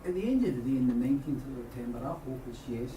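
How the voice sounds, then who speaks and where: A man's voice: medium pitch, lively intonation, rapid-fire, mellow. A Scottish man, a trade unionist, speaking at a debate in a blunt, colloquial, storytelling way. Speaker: trade unionist audience member. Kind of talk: impassioned debate contribution. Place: meeting room at a union debate. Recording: echoey hall, distant mic, noisy.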